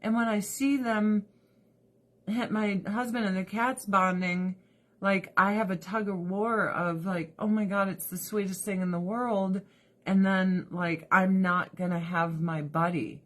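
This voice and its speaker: A woman talking to her viewers in a loose, rambling livestream chat. She is weepy and emotional, laughing between thoughts and swearing freely. Her delivery is slow and drawn out. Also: mid-range voice, steady tone. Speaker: vlogger.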